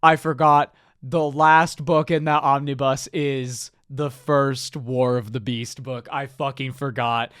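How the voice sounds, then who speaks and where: A man's voice: mid-range voice, flat delivery, takes it slowly, fairly bright tone, smooth, no room sound, studio quality. A man co-hosting a casual book club podcast, ranting with lots of swearing and laughter. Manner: ranting, profane, laughing often. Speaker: podcast co-host.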